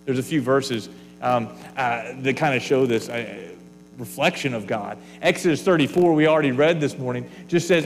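A man's voice: medium pitch, normal speed, big-room sound, slight background noise. A man preaching a sermon to his congregation, earnest and varied, sometimes falling to a near whisper. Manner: earnest, varies loudness, drops to a whisper at times. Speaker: pastor.

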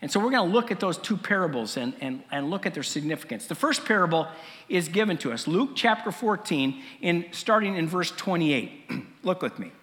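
Lively high-voiced male preacher. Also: moderate pace, long reverb tail. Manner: lively, conversational preaching with fillers and frequent throat clearing. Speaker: pastor. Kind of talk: sermon.

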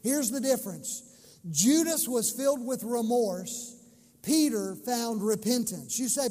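A male pastor preaches with passion, leaning hard on key words and drawing phrases out slowly. His voice sits unusually high for a man. A long reverb rings after his lines, as in a big church sanctuary. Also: animated, mellow. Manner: impassioned preaching with slow emphatic phrases. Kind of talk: sermon.

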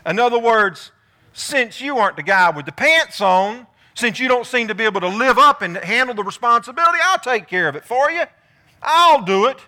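A male pastor giving a lively sermon, asking the congregation questions and calling on people by name. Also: extremely high pitch, moderate pace. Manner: animated, calls on listeners by name, asks the room questions.

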